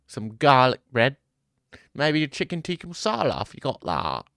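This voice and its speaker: A man's voice: medium pitch, huge pitch swings, moderate pace, vocal fry, fairly bright tone, smooth, no room sound, studio quality, heavily acted. A man putting on a mock British accent as a rowdy lad who barks "oi" while ordering food.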